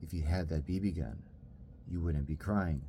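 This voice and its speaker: A low, spellbinding voice from the dark, soothing on the surface but haunting underneath, as a man reads it aloud in a storybook. It sits very low and sounds dark and mellow, with a faint hiss behind it. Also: moderate pace. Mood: taunting.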